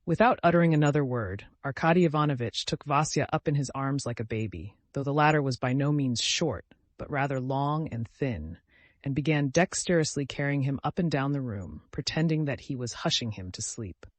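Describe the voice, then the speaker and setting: Measured male audiobook narrator. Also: medium pitch, lively intonation, no room sound. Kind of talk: scripted narration.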